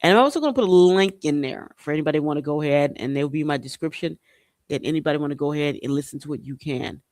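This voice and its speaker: A man from Haiti hosts a casual commentary podcast, speaking in a slightly higher register than most men. His delivery is slangy and animated, punctuated by loud whooping exclamations. The recording is dry and close. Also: fast talker, dry recording. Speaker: podcast host.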